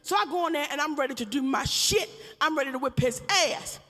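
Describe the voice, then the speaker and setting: A woman from Baltimore doing stand-up comedy storytelling, profane and animated with bursts of shouting. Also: sits high, fairly quick, faint music behind. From Baltimore, USA. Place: large theater stage. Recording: live stage with long hall reverb.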